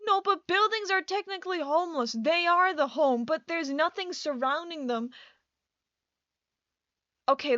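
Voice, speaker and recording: A woman's voice: sits high, bright, forceful tone, dry recording, muffled recording. A woman doing a casual voice-over for her building video, rambling and scattered, with many restarts and bursts of laughter. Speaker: video creator.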